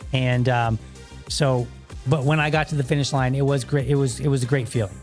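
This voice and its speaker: A man's voice: medium pitch, fairly even intonation, brisk, a little mellow, soft background music. Rambling man hosting a solo podcast. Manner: rambling, repeats words and restarts. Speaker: podcast host. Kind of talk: casual solo podcast talk.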